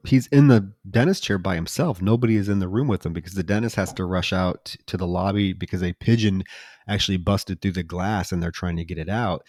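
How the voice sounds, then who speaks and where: A man co-hosting a horror movie podcast, recounting scenes in a casual, steady way. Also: fairly low pitch, no room sound, clean studio sound. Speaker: podcast co-host.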